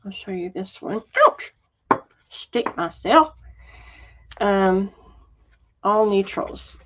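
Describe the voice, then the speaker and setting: A woman hosting a casual live sale, chatting slowly and softly with many fillers and reading out viewer comments. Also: mid-range voice. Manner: chatty, warm-hearted, reads viewer comments aloud; slow, soft-spoken, with frequent fillers. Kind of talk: casual live selling chat. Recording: dull lo-fi livestream audio.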